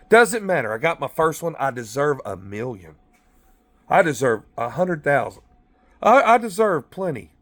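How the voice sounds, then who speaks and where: Lively, profane man ranting in a car. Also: fairly high pitch, moderate pace. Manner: profane, blunt, animated storytelling. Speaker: former corrections officer. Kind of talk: casual rambling monologue. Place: inside a car.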